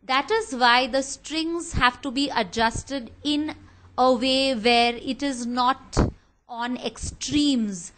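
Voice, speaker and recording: A woman gives a history lesson, and her voice sits notably high. She explains things patiently and turns to her students often, asking them questions. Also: slow pace, fairly bright tone, low-quality recording. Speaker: teacher.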